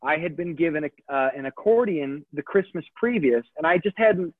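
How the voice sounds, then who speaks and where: A man's voice: fairly high pitch, lively intonation, normal speed, no room sound. A man in his thirties, a comedian, telling his story in a chatty, digressive way and often correcting himself. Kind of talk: casual storytelling interview. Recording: tinny phone-like line, dry.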